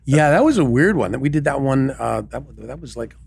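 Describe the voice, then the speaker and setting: A man's voice: mid-range voice, expressive, a little fast, creaky, a little mellow, slightly rough. An older man from Canada, a guest voice actor chatting casually on a podcast with wry, self-deprecating asides.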